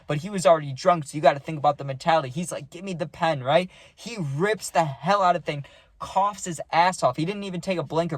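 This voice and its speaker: A man's voice: fairly high pitch, no echo. A young man casually telling a rambling party story, full of slang and saying "dude" a lot.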